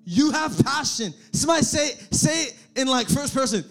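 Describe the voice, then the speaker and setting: A young man preaching to a young adult church group, energetic and repetitive, often calling out for the crowd to answer. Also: very high-pitched, moderate pace. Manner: energetic, repetitive, calls for audience response. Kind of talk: sermon.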